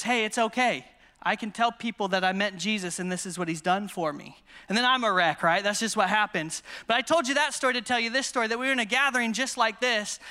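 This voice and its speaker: An American man preaching at a conference, telling testimony stories with self-deprecating humor and quick repetitions. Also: extremely high pitch, smooth. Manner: storytelling, self-deprecating humor, repeats words when excited. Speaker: conference speaker. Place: large conference hall. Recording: long hall reverb.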